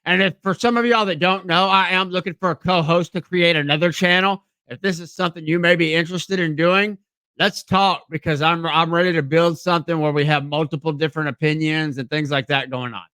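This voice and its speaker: Southern male podcast host, higher voice, casual and halting, reads aloud with frequent apologies to viewers. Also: fairly even intonation, sharp tone, clear, resonant tone, no room sound. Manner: stumbling reading aloud, apologetic asides. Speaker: live stream podcast host. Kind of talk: casual live stream, reading aloud.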